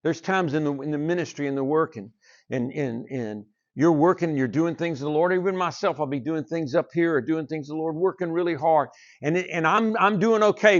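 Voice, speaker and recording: A man preaching from the pulpit as pastor, his voice sitting a little high for a man. He drives his points home through repetition and rhetorical questions. The recording sounds dull and lo-fi. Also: animated, brisk. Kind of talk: sermon.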